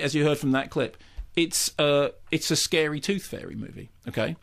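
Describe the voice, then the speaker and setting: A man reviewing a film on the radio, animated, often restarting and repeating words. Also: a little high, normal speed, gravelly. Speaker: film critic.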